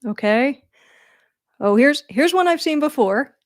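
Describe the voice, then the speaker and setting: A middle-aged woman hosting a live advice Q&A on wedding speeches, chatty and animated, with self-deprecating jokes. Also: sits high, a little slow, no echo, studio quality. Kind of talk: casual livestream advice.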